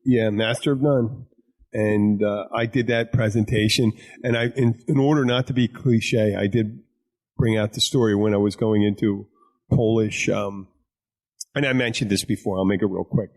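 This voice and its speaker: A man's voice: on the low side, fairly even intonation, normal speed, darkish tone. A man hosting a podcast, a bartender telling rambling stories full of crude jokes and restarts. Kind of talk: casual chat.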